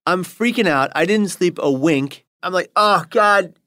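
A man guest telling a lively, funny story about his proposal, acting out the scene as he goes. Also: moderate pace, smooth, dry recording, studio quality. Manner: animated storyteller, acts out voices in high squeals. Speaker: interview guest, husband. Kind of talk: comic anecdote.

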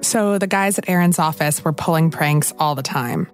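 A woman's voice: low-pitched, moderate pace, faint music behind. A woman podcast host narrating in a chatty way, with playful asides to the listener.

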